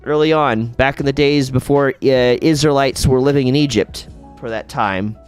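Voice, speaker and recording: A man's voice: medium pitch, moderate pace, clear, resonant tone, soft background music. A man hosting a casual live gaming stream, chatting with viewers and thinking aloud while he plays.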